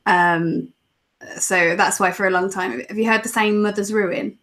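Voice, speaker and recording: A woman's voice: mid-range voice, fairly even intonation, unhurried, fairly bright tone. An easygoing woman with an English accent, a guest on a podcast. She chats casually and giggles often between her thoughts. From England, near Birmingham. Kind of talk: casual chat.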